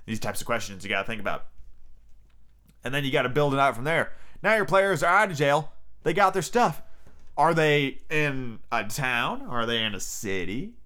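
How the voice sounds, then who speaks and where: A man's voice: medium pitch, expressive, moderate pace, bright, forceful tone. A man hosting a podcast, chatting casually and giving emphatic, joking advice on running tabletop games. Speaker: podcast host. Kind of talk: casual chat giving game master tips.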